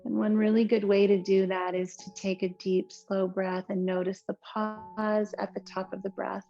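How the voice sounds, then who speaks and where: A woman yoga teacher giving slow, soothing, gentle cues through relaxation and breathing. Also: mid-range voice, little pitch movement. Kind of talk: guided yoga and relaxation instruction. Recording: slightly muffled recording with soft instrumental music.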